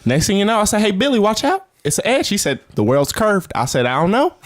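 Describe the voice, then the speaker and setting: A man putting on a comic accent as a high-voiced folksy man telling a tall tale. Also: sing-song, fast. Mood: comic storytelling. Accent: put-on.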